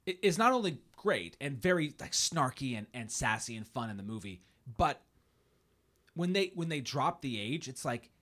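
A man co-hosts a relaxed movie podcast, his talk full of stops, fillers and little laughs. His pitch swings widely from phrase to phrase. He sounds like a man in his thirties chatting at a home mic. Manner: halting, many restarts and fillers, laughs often. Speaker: podcast co-host. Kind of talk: casual film discussion podcast. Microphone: home studio mic, typing nearby.

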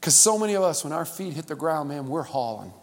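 A male pastor preaching a sermon, calling on the church to repeat after him and swinging between loud and hushed. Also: fairly high pitch, lively intonation, quick pace. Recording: long hall reverb.

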